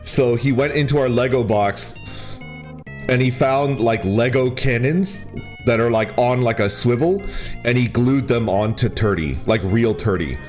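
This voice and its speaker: A man's voice: mid-range voice, unhurried, soft background music. A man streaming as a VTuber, telling a story in casual chat, laughing often and peppering his talk with "like" and "right?". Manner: animated, laughs often while talking; full of fillers like "like" and "right?".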